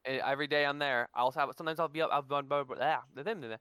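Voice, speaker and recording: A man telling workplace stories in a casual podcast chat, animated and swearing freely. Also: fairly high pitch, very fast, clean tone, no room sound. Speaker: podcast co-host.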